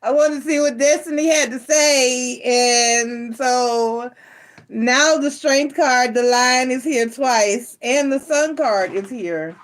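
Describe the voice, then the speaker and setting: Slow-talking playful woman tarot reader. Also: high-pitched. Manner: playful and chatty, laughs often. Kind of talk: live-stream tarot reading and chat. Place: home at night.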